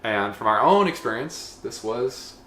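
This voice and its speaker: A man's voice: medium pitch, lively intonation, unhurried, a bit bright, a little hiss or hum. A man co-hosting a travel podcast in a casual, rambling way, full of "like" fillers. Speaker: podcast co-host. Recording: echoey room, faint ambience.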